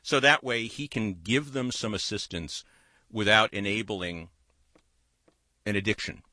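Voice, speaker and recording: A man's voice: fairly low pitch, animated, a little slow, pushed and bright, dry recording. A man hosting a call-in talk radio show, chatting in a loose, digressive way into a studio microphone.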